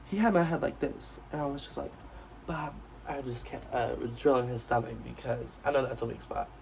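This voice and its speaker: A brash young man tells a profane storytime in a loose, casual vlog voice. His voice is gravelly with a mid pitch, and he sits a little back from the mic over faint room noise. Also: a little fast, recorded from a distance, poor audio. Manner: brash, profane, acts out quotes of himself. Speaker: vlogger.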